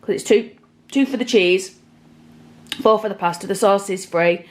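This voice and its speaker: A woman's voice: mid-range voice, moderate pace, low-quality recording. Casual woman, home cooking vlog, chatty direct address to viewers. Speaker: vlogger. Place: home kitchen.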